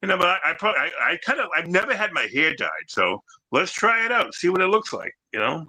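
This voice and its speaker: Male host, casual chat, very bright and animated, rambling with lots of restarts. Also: sits high, a little fast, husky, low-quality recording. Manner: rambling, full of restarts and "you know".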